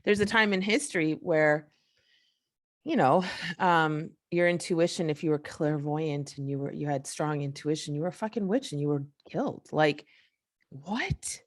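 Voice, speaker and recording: This woman has a low voice and talks at an ordinary pace as she hosts a solo podcast. Her rant is casual but fed up, delivered with emphasis and plenty of profanity.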